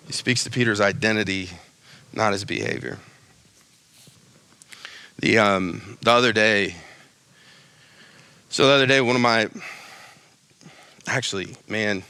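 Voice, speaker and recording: A young adult man preaching a sermon in a casual, animated way, with slangy asides and quick acted-out lines. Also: on the low side, no room sound. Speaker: pastor.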